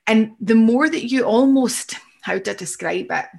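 A woman's voice: fairly high pitch, measured pace, creaky, a little mellow. A woman, coaching someone through a reflective conversation and voicing their inner thoughts.

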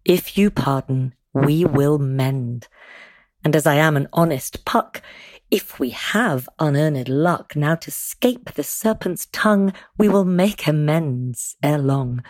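A woman voicing Puck, a male sprite, reciting rhyming verse in a gentle, rhythmic, pleading way. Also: low voice, animated, takes it slowly, no echo, exaggerated voice. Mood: apologetic. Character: Puck, mischievous male sprite making amends.

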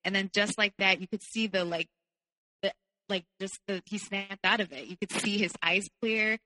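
Bright-voiced young woman telling her story. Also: mid-range voice, moderate pace, no echo, long reverb tail, poor audio. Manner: candid, lots of "like" fillers. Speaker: podcast guest. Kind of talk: casual personal storytelling.

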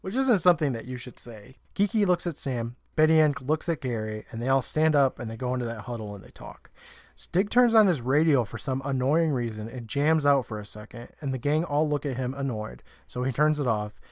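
A man's voice: medium pitch, lively intonation, brisk, dry recording, clean studio sound. A man co-hosting a podcast, recapping an episode in casual chat and laughing often. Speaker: podcast co-host.

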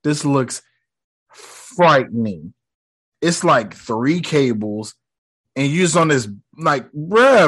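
A man's voice: mid-range voice, animated, unhurried, fairly bright tone. A young man hosting a podcast, recapping a movie in casual slang and mocking the characters in quoted voices. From United States. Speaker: podcast host.

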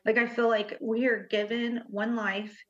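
A woman guest telling her own story in an interview, earnest and halting, with many fillers. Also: on the high side, level tone, fairly bright tone. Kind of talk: personal interview talk. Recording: muffled lo-fi audio.

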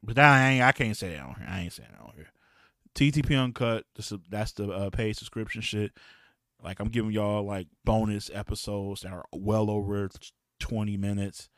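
A man hosting a battle rap podcast, talking in a loose, slangy, profane and rambling way, clearing his throat now and then. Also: lowish voice, normal speed, fairly bright tone, no echo, studio quality. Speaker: podcast host and battle rap league promoter. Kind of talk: casual podcast talk.

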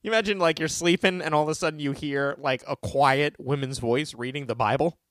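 Man, trivia host, casual chat, animated storyteller, dry close sound. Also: fairly high pitch, dry recording. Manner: animated storyteller, joking, reads questions slowly.

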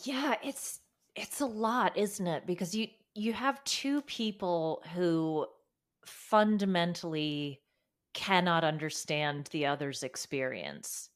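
Sex: woman. Role: podcast guest. Style: casual chat. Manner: thoughtful, measured. Pace: slow. Pitch: lowish. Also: lively intonation.

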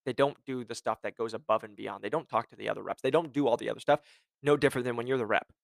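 A man giving a blunt motivational talk to sales reps, ranting with conviction. His voice sits at an ordinary middle pitch. The sound is dry and close, with no room around it. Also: steady tone, quick pace, creaky, no room sound. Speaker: sales coach.

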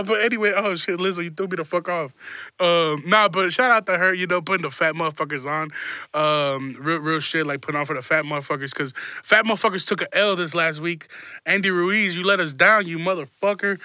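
A young man with a very bright, sharp voice rants in a loose, profane podcast monologue, constantly mocking himself. His voice sits a bit high for a man, recorded close and dry with no room sound. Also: a little fast, no echo. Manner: profane, rambling, self-mocking. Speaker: podcast host. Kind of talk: crude comedic podcast monologue.

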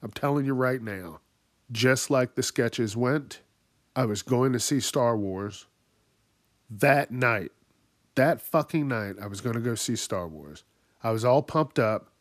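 A man's voice: mid-range voice, unhurried, no room sound. Profane ranting man, dry sound. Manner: angry, swears constantly, acts out other people in raised voices. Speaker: podcast host.

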